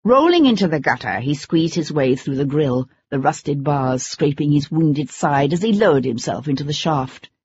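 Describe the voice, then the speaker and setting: A narrator reading an audiobook in a steady, measured way. The voice is husky and breathy. The recording sounds dull and lo-fi. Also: medium pitch. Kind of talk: scripted narration.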